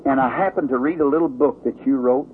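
A man, a preacher telling a story as sermon testimony, his pitch climbing at the dramatic turns. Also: quick pace. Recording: tinny old lo-fi recording with faint hiss.

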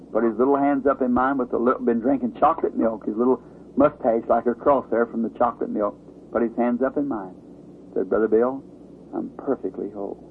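Preacher, sermon testimony, pitch rises at the drama, old tinny recording. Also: male voice, a little hiss or hum. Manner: storytelling, rising pitch at dramatic moments.

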